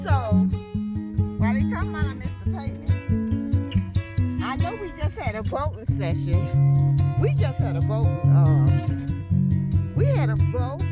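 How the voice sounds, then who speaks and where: A middle-aged woman, filming a casual vlog on her phone and ranting in a heated, rambling way. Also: high-pitched. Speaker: vlogger. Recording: loud music bed behind voice.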